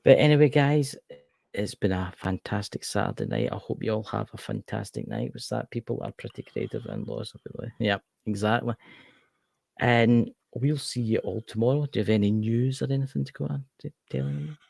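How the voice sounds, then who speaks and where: A man's voice: on the low side, brisk, vocal fry, a little mellow, no room sound, studio quality. A man co-hosting a podcast, chatting casually and rambling, often repeating himself. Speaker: podcast co-host. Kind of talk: casual chat.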